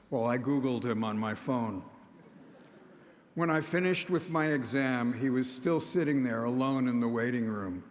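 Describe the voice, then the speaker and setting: An older man delivers a commencement address in a measured, dryly humorous way, his voice sitting at an ordinary middle pitch. He speaks into a podium microphone, and a long reverb trails his words through a large concert hall. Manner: measured, wry, quoting others. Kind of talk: prepared commencement speech.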